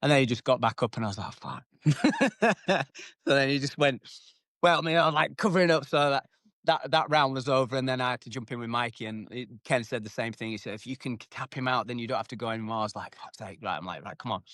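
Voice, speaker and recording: A British retired MMA fighter, guesting on a casual storytelling interview, talks fast in a mid-range voice. He's animated and loose, swears freely and acts out shouted quotes. The podcast sound is close and dry with no room sound.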